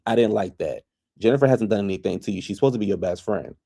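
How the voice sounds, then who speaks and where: A man casually recapping a reality TV episode for his viewers, chatty and opinionated, quick to pass judgment on the cast. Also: on the low side, gravelly, dark tone. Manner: chatty, gossipy, opinionated, addresses viewers as y'all.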